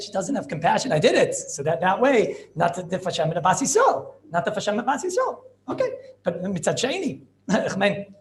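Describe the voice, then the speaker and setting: A man with telling a Torah story as a rabbi, acting out the characters in an animated way. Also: a little hiss or hum. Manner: animated, acts out characters with shifting pitch.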